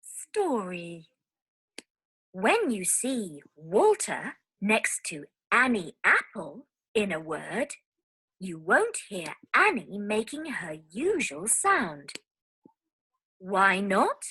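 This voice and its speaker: A woman reads a children's phonics story aloud. Her pitch swoops up and down in a sing-song storybook way. She reads slowly, with a husky edge to her voice. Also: wildly swooping pitch, pushed and bright. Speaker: story narrator. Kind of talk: recorded storybook narration.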